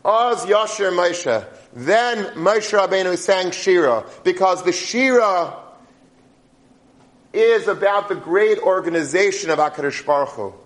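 Guy with a pretty high voice doing a torah talk, emphatic, lots of rhetorical questions. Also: animated, a little slow. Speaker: Torah teacher. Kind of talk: weekly Torah portion talk.

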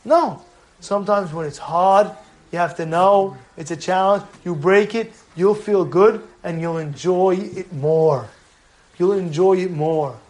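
A man's voice: high voice, a little slow. A man, a rabbi teaching a live class, speaking emphatically and repeating his points. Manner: emphatic, repetitive, animated storytelling. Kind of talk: live Torah class sermon.

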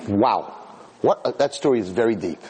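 A man telling a story to an audience as a religious lecturer, animated and emotional, often rambling. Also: mid-range voice, moderate pace. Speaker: Torah lecturer.

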